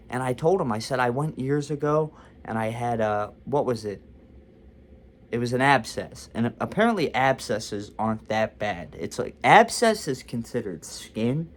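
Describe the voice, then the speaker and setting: A young man vlogging a casual storytime, talking candidly and confessionally about his own experience. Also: medium pitch.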